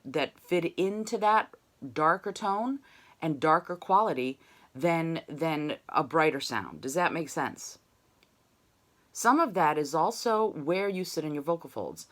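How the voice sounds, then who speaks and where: A woman's voice: low voice, expressive, a little slow. A woman voice teacher giving an online singing lesson over a video call, explaining technique and singing short demonstration syllables.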